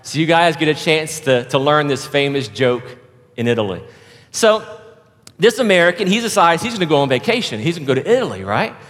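A man preaching a sermon, telling a joke with lively acted-out voices for the people in it. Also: fairly high pitch, brisk, big-room sound. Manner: animated storyteller, acts out characters. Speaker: pastor. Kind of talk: sermon with storytelling.

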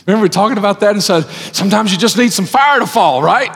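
A man preaching a sermon as pastor, folksy in his wording, swinging from loud exhortation to hushed tones. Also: sits high, lively intonation, fast, vocal fry, few pauses. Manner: folksy, says ain't and gotta. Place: church sanctuary. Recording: long hall reverb.

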